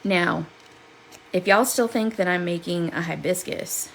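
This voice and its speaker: A woman's voice: on the low side, unhurried, creaky, slight background noise, rough recording. A woman hosting a live crafting demo. She chats with viewers and laughs often, seated at her craft desk. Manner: chatty and upbeat, laughs often. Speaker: crafting livestream host.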